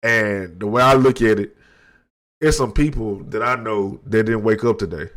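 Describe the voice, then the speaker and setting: Low-voiced man in his thirties, reflective. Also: a bit bright. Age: 30s. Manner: slow, low-key, reflective, with slang and many restarts. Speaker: podcast host. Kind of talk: candid personal monologue. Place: at his desk.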